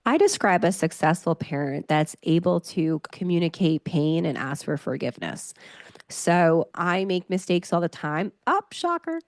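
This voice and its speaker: A woman's voice: fairly low pitch, moderate pace, dry recording, clean studio sound. A woman in her thirties, a relationship coach and podcast guest, talking earnestly and upbeat in an interview. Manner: upbeat, earnest, animated storytelling. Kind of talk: conversational interview.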